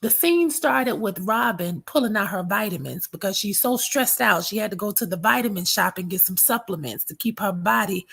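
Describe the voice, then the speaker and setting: A woman hosting a reality TV recap show, blunt and sarcastic, with a quick put-down for everyone she talks about. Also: medium pitch, animated, creaky, a bit bright, slightly rough. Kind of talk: sassy reality TV recap commentary.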